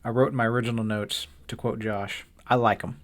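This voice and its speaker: A man's voice: medium pitch, fairly even intonation, fairly quick. A man who is a guest on a casual podcast chat, thinking aloud hesitantly with fillers.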